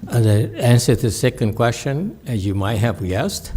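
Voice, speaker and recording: Dharma teacher guy, joking around, mellow low-key tone, playful q&a talk. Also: big pitch swings, moderate pace, husky. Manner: playful, teasing, acts out voices and laughs. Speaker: meditation teacher answering questions.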